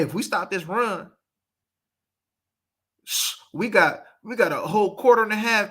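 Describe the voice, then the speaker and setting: Animated man breaking down football. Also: a little high. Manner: animated, emphatic, repeats points. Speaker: sports podcast host. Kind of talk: casual football analysis.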